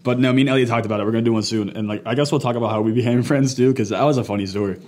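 A young man hosting a casual faith podcast, loud and quick to laugh, telling animated stories. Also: medium pitch. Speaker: podcast host. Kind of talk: casual chat.

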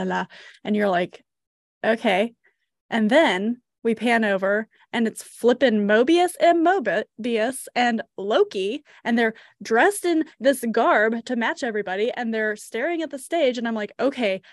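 A woman co-hosting a casual movie podcast, who retells scenes in an animated way and laughs often. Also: on the high side, creaky, no room sound, clean studio sound. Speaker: podcast co-host.

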